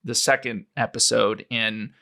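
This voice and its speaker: A male podcast co-host who chats in a loose, rambling, self-mocking way. His voice is bright and forceful at a middle pitch. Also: fairly even intonation, measured pace, creaky. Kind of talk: casual podcast chat.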